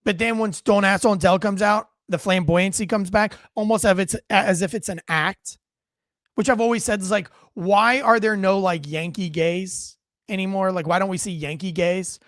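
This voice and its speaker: A man's voice: high voice, fairly even intonation, moderate pace, fairly bright tone, no echo, clean studio sound. A man hosting a livestream, ranting bluntly and profanely with wisecracks and reading out chat comments. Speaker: livestream show host and military veteran.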